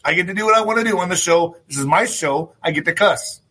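A man hosting his own talk show, ranting loosely in a loud, swearing style with sudden shouts. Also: sits high, fast talker, slightly rough, rough recording. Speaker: host. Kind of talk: opinionated talk show monologue.

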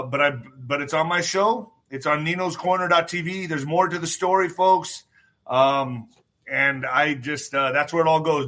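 A man's voice: a little high, bright, forceful tone. A man hosting his own livestream in casual talk, emphatic, repeating phrases and swearing freely. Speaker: show host.

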